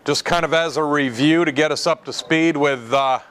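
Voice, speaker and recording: A man's voice: a little high, normal speed, a bit bright, a little hiss or hum. A man lecturing an evening electronics class in a classroom, talking conversationally, repeating key terms and putting questions to his students.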